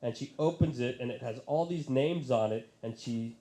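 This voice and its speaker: A man performing a stand-up comedy set on a bar stage, telling stories in an animated way and jumping into high, excited voices for the people he quotes. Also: moderate pace, echoey room.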